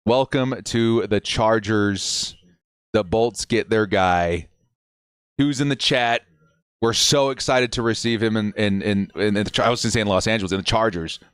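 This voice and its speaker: A young adult man hosting a live fan watch party stream, excitedly shouting reactions and reading chat messages aloud. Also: lowish voice, normal speed, clean tone, dry recording, clean studio sound.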